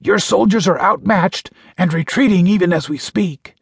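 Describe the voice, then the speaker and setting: A man's voice: sits high, normal speed, vocal fry, husky, no room sound, pitched above the performer's own voice, full character voice. A male audiobook narrator voicing a stern alien soldier who gives clipped, commanding orders, recorded in a dry booth. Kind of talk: audiobook character voice.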